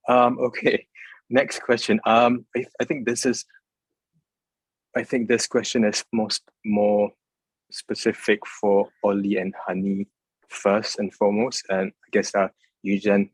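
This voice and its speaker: Low husky young man moderating. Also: no echo, poor audio. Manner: hesitant, many fillers and restarts. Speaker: panel moderator. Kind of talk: casual panel discussion.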